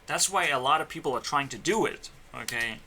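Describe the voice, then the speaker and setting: A man talking as a YouTuber in a rambling solo rant, profane and meandering, swinging between loud outbursts and mutters. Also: a little high, animated, brisk, noisy background. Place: home computer setup.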